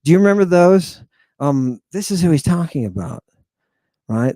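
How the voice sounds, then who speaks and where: A man teaching an online lesson in an excitable, emphatic way, repeating phrases and swinging between loud outbursts and hushed asides. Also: medium pitch, normal speed, dry recording, clean studio sound. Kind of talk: animated online lecture.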